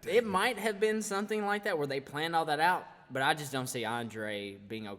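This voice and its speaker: A man's voice: a little high, moderate pace, a crowd in the background. A man, a martial arts school owner, guesting on a casual podcast chat in an easygoing, agreeable way. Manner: laid-back, agreeable, trailing off. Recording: long echoey room reverb.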